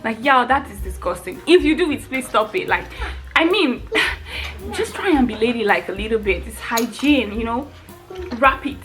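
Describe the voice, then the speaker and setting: Young woman venting on her vlog, kinda high voice, worked up and laughing a lot, faint music behind. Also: moderate pace. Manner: animated, exasperated, laughs often. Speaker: vlogger. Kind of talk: casual ranting vlog.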